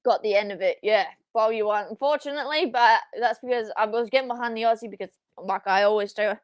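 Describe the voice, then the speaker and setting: A young woman hosting a live watchalong, reacting excitedly, swearing and yelling at the screen, then repeating her frustration. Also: a little high, quick pace, dry recording. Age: young adult. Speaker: watchalong streamer.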